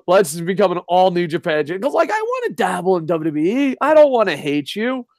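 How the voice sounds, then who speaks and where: A man's voice: high-pitched, huge pitch swings, brisk, dry recording, clean studio sound. A man co-hosting a casual wrestling talk show, ranting in a heated, profane way. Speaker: podcast co-host.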